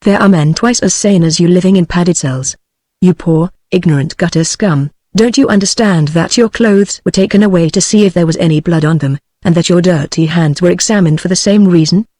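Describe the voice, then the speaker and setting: A woman's voice: on the low side, a little fast, no room sound, studio quality, lightly acted. A British English female synthetic voice reading the lines of a genial, unctuous middle-aged male chief inspector in an audiobook. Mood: scornful. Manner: even synthetic speech reading all parts.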